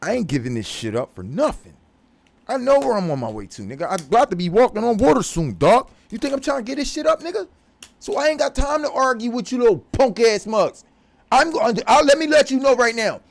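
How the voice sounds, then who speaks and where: High, lively man ranting aggressively. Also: a little fast, creaky. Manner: profane, aggressive, preachy. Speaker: religious vlogger. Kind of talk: confrontational religious rant.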